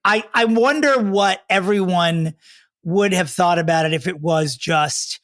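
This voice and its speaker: A man's voice: high-pitched, measured pace, a bit bright, no room sound, clean studio sound. A man co-hosting a comedy podcast, talking theatrically and breaking into mocking voices. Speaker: podcast co-host. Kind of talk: casual comedic chat.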